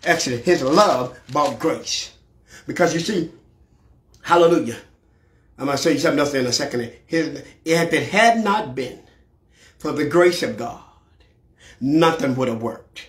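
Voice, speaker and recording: Black church preacher man, AAVE, kinda high voice, gets loud and shouty, church echo on a livestream. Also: a little slow, long pauses. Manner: preaching with sudden shouted climaxes. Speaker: pastor. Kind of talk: sermon. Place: church sanctuary.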